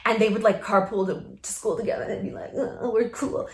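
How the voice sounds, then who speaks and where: A woman's voice: medium pitch, fairly even intonation, quick pace, vocal fry. A woman hosting a vlog, giving a casual motivational talk to camera, emphatic and laughing often. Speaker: vlog host. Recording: echoey room.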